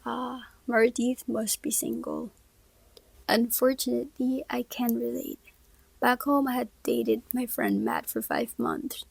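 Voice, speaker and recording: A woman reading a first-person novel aloud, soft-spoken and often sinking to a whisper, close to the mic. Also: on the high side, big pitch swings, a little slow, gravelly, husky, no room sound, poor audio. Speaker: audiobook reader.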